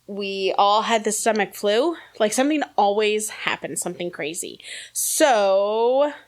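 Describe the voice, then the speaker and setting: A woman in her thirties, podcast co-host, telling a story in a casual, animated way and laughing often. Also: mid-range voice, a little slow. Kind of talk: casual chat.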